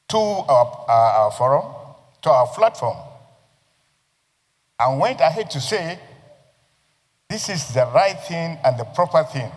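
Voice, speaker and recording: A man with a Nigerian accent, a senator giving a forceful, declamatory floor speech with repeated phrases. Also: medium pitch. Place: legislative chamber. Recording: reverberant chamber audio.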